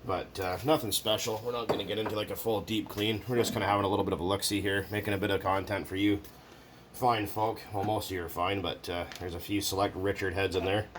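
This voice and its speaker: A very deep-voiced man talks loosely at his workbench, joking and rambling with the odd swear. A faint hum of background noise sits under his voice. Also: level tone, quick pace. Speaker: hobbyist video maker. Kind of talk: casual workshop chat.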